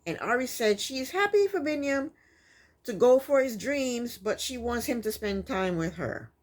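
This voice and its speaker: A woman's voice: a little high, animated, moderate pace. A woman giving a casual, opinionated recap of a reality TV episode, sassy and exasperated. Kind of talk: casual commentary.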